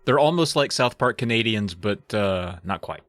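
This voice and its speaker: A man's voice: fairly low pitch, animated, moderate pace, a bit bright, dry recording. Laid-back man recapping with laughing asides. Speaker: podcast co-host. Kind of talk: comedic story recap.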